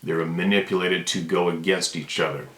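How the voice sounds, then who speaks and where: Fired-up deep-voiced man ranting to camera. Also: fairly even intonation, a little fast, fairly bright tone, roomy sound, rough recording. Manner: fired-up, emphatic, repeats himself. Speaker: channel host. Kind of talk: impassioned unscripted rant to camera.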